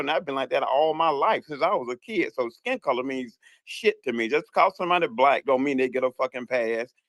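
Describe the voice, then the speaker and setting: Calling in to an online audio room, this Southern US man chats casually but bluntly, swearing heavily and speaking with emphasis. His medium-pitched voice has a slightly bright quality, with no room sound.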